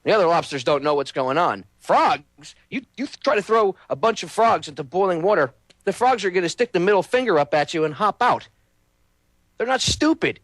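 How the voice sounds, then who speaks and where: A man's voice: sits high, lively intonation, moderate pace, a bit bright, no room sound. A man hosting a show, ranting angrily about politics in a preachy way, firing off repeated rhetorical questions. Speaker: host. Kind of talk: angry political rant.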